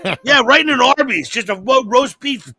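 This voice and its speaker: A comedian on a podcast who talks in a high, lively, sharply bright voice, drifting between tangents and cursing freely. The sound is dry and close to the mic, and the tone is loose, profane banter. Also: male voice, normal speed. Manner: rambling, profane, animated storytelling. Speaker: comedian co-host.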